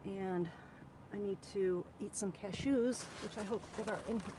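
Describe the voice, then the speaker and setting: A woman's voice: medium pitch, steady tone, moderate pace, noisy background. A woman chatting casually on a live stream from her parked car, rambling and retelling her conversations. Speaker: livestreamer reporting on scene. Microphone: phone.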